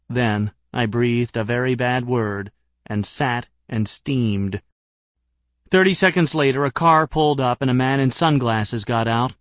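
A man's voice: medium pitch, unhurried, no room sound. A man narrating an audiobook in a wry, dry-humored manner.

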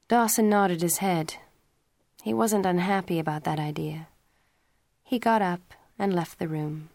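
A woman narrates a story in a steady, clear audiobook reading. Her voice sits on the low side. The sound is dry and close with no room echo. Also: a little slow, pauses often.

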